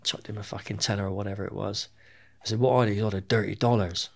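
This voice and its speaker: A middle-aged man recounts his own past as a podcast guest in a frank, unpolished way. His voice has a gravelly edge, and he swears freely and often doubles back on his words mid-sentence. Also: lowish voice, fairly even intonation, fast, a little mellow, slight background noise. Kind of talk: candid storytelling interview.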